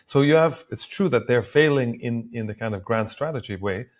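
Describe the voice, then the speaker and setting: A man co-hosting a discussion podcast from a remote call, talking in a halting way with many restarts. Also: medium pitch, lively intonation. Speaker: podcast co-host. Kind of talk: casual discussion. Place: Beirut, at a university.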